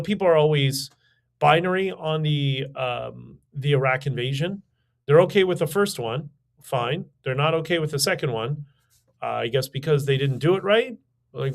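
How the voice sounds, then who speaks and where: Rambling opinionated man on a livestream. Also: fairly high pitch. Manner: rambling, many fillers and restarts; opinionated, sardonic asides. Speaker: podcast host. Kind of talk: casual livestream commentary.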